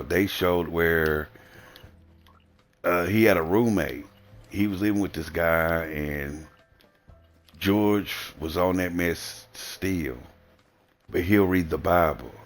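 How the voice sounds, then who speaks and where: A man with a Southern American accent, livestreaming a blunt, rambling and profane casual monologue. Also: low-pitched. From Southern United States.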